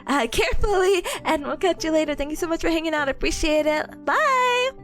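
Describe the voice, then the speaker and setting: A woman's voice: high voice, fast. A young woman streamer chatting casually, telling a story with lots of laughter and acted-out quotes. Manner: animated storytelling, frequent laughs, acts out quotes. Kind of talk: casual chat.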